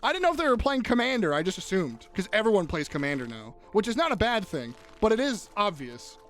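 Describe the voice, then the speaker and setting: A young man chatting casually on a live gaming stream, jokey and swearing, quick to tear up. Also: high-pitched, soft background music. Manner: animated, swearing, jokey, easily teary.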